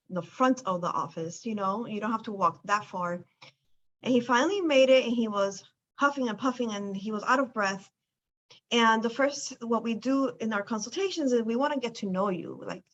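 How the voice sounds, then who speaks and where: A woman's voice: mid-range voice, a bit bright. A woman hosting a casual chat about a weight loss program, telling a client story in an emphatic, enthusiastic way. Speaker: weight loss clinic host. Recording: dull lo-fi sound.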